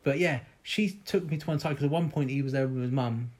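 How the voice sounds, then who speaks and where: Bloke spilling a long personal story, loose and chatty, lots of ums, swears a bit, middling voice. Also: male voice, medium pitch, fast talker, a little mellow. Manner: candid, rambling, frequent ums and uhs, swears.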